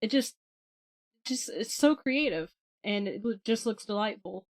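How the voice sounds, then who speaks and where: Bubbly woman gushing in podcast chat, medium pitch. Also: expressive, a little slow. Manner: bubbly, enthusiastic. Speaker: podcast co-host. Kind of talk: casual chat.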